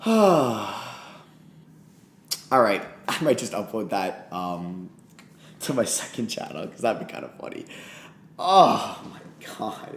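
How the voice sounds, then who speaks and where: A man streaming a live reaction, excitable and emotional, swearing when things go wrong. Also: mid-range voice. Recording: echoey room.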